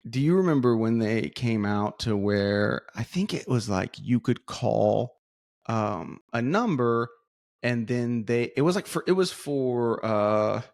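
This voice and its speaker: A man's voice: medium pitch, takes it slowly, no echo, clean studio sound. A man telling stories in a casual podcast chat, acting out the voices as he goes. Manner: animated storyteller, acts out voices.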